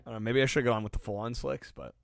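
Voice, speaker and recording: A man's voice: medium pitch, quick pace, creaky. A man streaming a racing game, chatting casually with his viewers and reacting to the race. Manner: relaxed, chatty, reads chat aloud and reacts to the race. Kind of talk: casual live-stream chat while gaming. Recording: loud game music behind.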